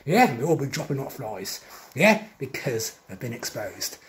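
A man's voice: medium pitch, big pitch swings. A man giving an agitated monologue, listing grievances and names and ending almost every phrase with a questioning "yeah?". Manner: accusatory, lists names and grievances in rapid repetition. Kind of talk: monologue vlog.

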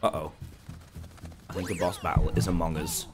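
A man streaming a game live, excitable and swearing as he jokes with his chat. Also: low voice, normal speed, music in the background. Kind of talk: live gameplay commentary.

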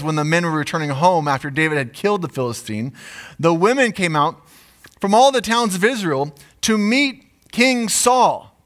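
A man, a pastor, preaching a sermon in an animated storytelling way, acting out asides. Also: on the high side.

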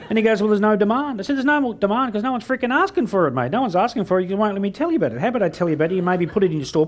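Lively Australian man telling cheeky stories. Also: high voice. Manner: cheeky storytelling, acting out dialogue with a jokey punchline rhythm. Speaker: motivational speaker. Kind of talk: keynote speech to a live audience.

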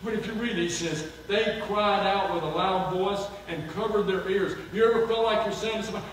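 A man preaching in a church, animated and acting out the voices he quotes. His slightly high voice carries through a big echoing sanctuary with a long reverb tail. He sounds far from the mic, with a faint hum of room noise behind him. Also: a little fast, hardly any pauses. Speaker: pastor. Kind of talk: sermon. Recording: echoey hall from far off.

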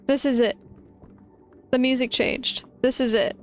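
A woman's voice: high voice, steady tone, measured pace, soft background music. A woman streaming a game live, reacting playfully and swearing often. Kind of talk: live gameplay commentary.

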